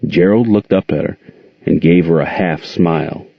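Expressive male audiobook narrator, deep, dry, lo-fi recording. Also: moderate pace, vocal fry, no echo. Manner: expressive storytelling. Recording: dull, dry muffled audio.

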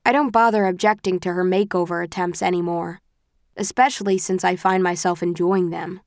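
A woman reading a first-person audiobook in a measured, even storytelling manner. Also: on the low side, dry recording, studio quality. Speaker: audiobook narrator. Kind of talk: scripted first-person narration.

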